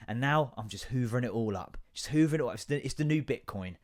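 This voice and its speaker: A man's voice: mid-range voice, animated, quick pace. A man in his thirties hosting a podcast, rambling through a sweary, self-mocking comic rant. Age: 30s. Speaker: podcast host. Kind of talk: solo comedic rant.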